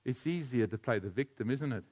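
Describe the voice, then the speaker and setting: A man preaching a sermon, animated, swinging from hushed to near-shouting and chuckling between points. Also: medium pitch, fairly quick. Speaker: pastor.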